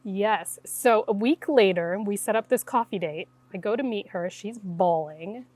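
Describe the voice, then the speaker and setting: With a medium pitch and moderate pace, this middle-aged woman, a guest intuitive, narrates her story in conversation. She acts out quoted dialogue in an animated way, giving each person in the tale a voice.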